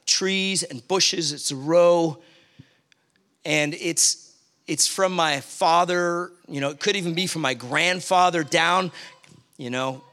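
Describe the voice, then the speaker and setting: A man's voice: fairly high pitch, sharp tone. A man preaching a sermon in a conversational way, telling a story from his own life and acting out his anger.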